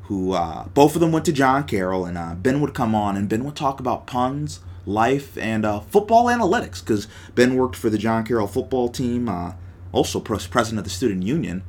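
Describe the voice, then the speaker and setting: A man's voice: medium pitch, lively intonation, normal speed, a little mellow. A young man hosting his own podcast, talking in a rambling, upbeat way with lots of fillers and restarts. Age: young adult. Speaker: podcast host. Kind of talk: casual solo podcast monologue.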